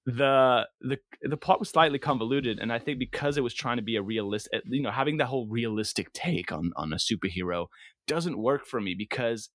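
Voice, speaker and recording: A man co-hosts a relaxed podcast, rambling and restarting his thoughts in casual chat, with crude asides. His voice is bright and tense at a mid pitch, and the recording is dry and close. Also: a little fast, no echo. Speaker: podcast co-host.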